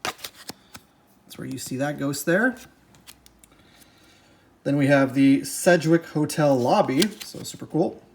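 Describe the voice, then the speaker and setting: A person casually presenting a board game unboxing, talking in a chatty, halting way that keeps correcting itself, and sounding upbeat and easily delighted. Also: medium pitch, creaky, a little mellow, slight background noise.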